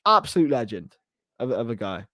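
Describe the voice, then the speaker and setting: A chatty young man hosts a casual live stream and fires off answers to viewer comments in quick, jokey bursts. His voice sits in a middle range, and the sound is dry and close. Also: medium pitch, sing-song, sharp tone, dry recording. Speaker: host of a fan channel.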